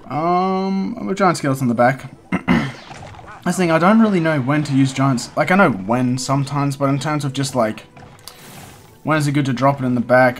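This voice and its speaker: Young man commenting on his own gameplay. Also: mid-range voice. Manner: talks to himself while playing, quick swings into frustrated outbursts. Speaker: gaming content creator.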